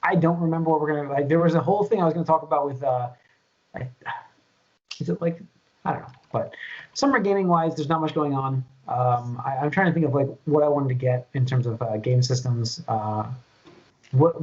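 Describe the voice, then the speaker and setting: Husky man hosting a gaming podcast. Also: on the high side, brisk, a little mellow. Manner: easygoing, loses his train of thought. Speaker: podcast host. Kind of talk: casual gaming podcast chat. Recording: dull lo-fi podcast audio.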